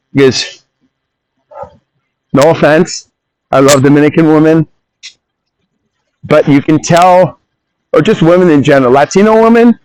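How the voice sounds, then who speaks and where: A man's voice: mid-range voice, darkish tone, slight background noise, rough recording. A man recording a solo podcast on his phone, rambling and ranting with strong opinions in a casual monologue.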